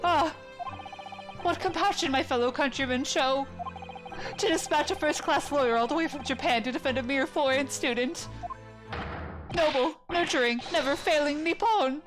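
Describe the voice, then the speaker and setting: A woman's voice: high voice, animated, moderate pace, music in the background. A woman doing a jittery, theatrical young man. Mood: effusive. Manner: theatrical, paranoid outbursts.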